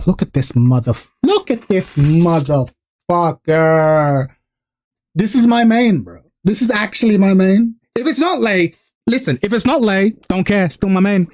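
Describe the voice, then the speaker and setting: Excitable, profane male streamer. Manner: excited, profane, talks fast and gets louder and higher when hyped. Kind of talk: casual reaction commentary.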